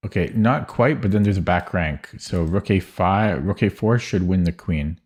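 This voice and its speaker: A man's voice: sits low, normal speed, darkish tone, breathy edge. A young man streaming chess, thinking aloud in a hesitant, muttering way with frequent self-corrections. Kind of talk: thinking aloud while solving puzzles.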